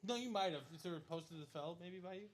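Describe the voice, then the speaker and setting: A man's voice: high-pitched, quick pace. A man co-hosting a live memorabilia break stream, trading playful, teasing banter with the host.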